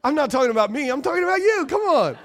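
A man's voice: extremely high pitch, very animated, racing. A man preaching a sermon with call-and-response, playful asides and repeated phrases for emphasis. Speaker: pastor.

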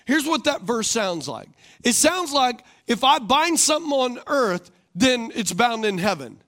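Male pastor, high voice, sermon style, big on call-and-response. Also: sing-song, measured pace, a bit bright. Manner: rhetorical, calls for congregation responses; repeats questions for emphasis.

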